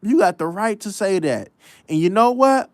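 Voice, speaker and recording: A man's voice: sits high, expressive, moderate pace, no echo. A man hosting a casual sports commentary show, ranting bluntly and profanely, often repeating his lines for emphasis.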